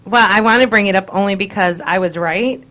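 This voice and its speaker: A woman's voice: mid-range voice, a little fast. A woman with a Southern American accent, co-hosting a casual chat with a teasing, playful manner. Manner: teasing, playful, soft-spoken. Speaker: co-host.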